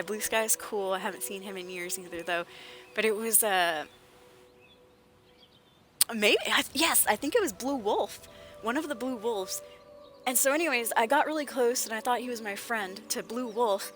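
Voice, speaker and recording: A young woman streams a game and chats casually, bringing her stories to life by acting out the people she quotes. Her voice is bright and sits a little high. Faint game music plays underneath. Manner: animated storytelling, acts out the people she quotes. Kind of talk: casual livestream chat.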